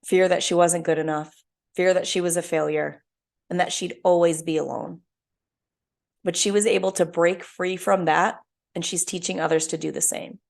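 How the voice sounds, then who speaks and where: A woman's voice: on the low side, steady tone, normal speed, vocal fry. A young woman hosting her own podcast, telling a story in an earnest, heartfelt solo talk. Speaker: podcast host.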